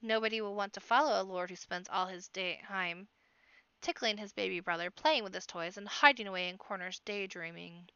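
A scolding, self-important girl rabbit from a storybook, played by a woman reading aloud, bright and crisp. She lectures her brother with a sharp edge to her voice. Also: medium pitch, a little fast, dry recording, lo-fi sound. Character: bossy, proud girl rabbit, an elder sister. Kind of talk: amateur audiobook narration.

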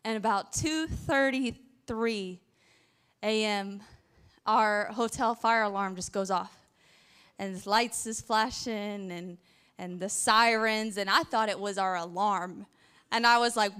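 High-voiced animated woman preaching. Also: unhurried, clean tone. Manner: animated, acts out frantic praying and stories. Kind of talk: sermon.

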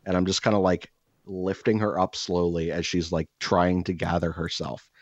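Deep-voiced man telling a profane story. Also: normal speed, no room sound, dull audio. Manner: profane, animated storytelling with acted-out quotes. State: out of breath. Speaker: podcast co-host. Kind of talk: casual podcast storytelling.

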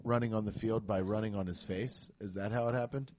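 A man chatting casually in a comedy podcast, telling stories with lots of swearing and quick comic impressions. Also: fairly low pitch. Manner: animated storytelling, swears freely, jumps into impressions.

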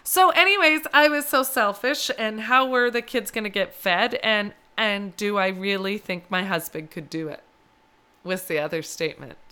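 A woman's voice: mid-range voice, moderate pace, bright, forceful tone, clear, resonant tone. A middle-aged woman co-hosting a casual chat, telling stories at length and laughing often. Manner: chatty storyteller, laughs often. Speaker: podcast co-host.

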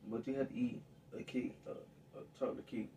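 A man's voice: mid-range voice, flat delivery, brisk, mellow, distant mic, slight background noise. A man co-hosting a podcast, joking around in loose, slangy casual chat. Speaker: podcast co-host.

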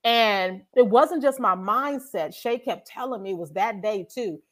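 A woman co-hosting a podcast, telling a faith testimony in a casual, animated way and acting out her own prayers as she goes. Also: mid-range voice, a little slow. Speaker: podcast co-host.

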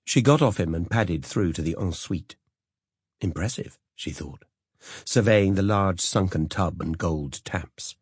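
A man narrating an audiobook in a measured storytelling manner. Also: deep voice, animated, slightly rough, no room sound, clean studio sound. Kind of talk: scripted narration.

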